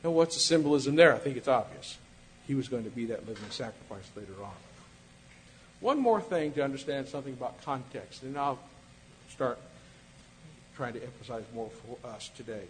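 A man's voice: lively intonation, normal speed, a little hiss or hum, poor audio. A man preaching a sermon in a conversational way, acting out quoted lines as he goes. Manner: conversational, acts out quoted lines with shifting pitch and loudness.

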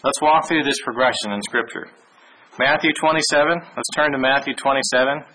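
Man, Bible teaching, bright tone, slightly husky, measured reading of verses. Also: medium pitch, poor audio. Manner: measured, reads verses aloud with small restarts. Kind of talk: sermon with scripture reading.

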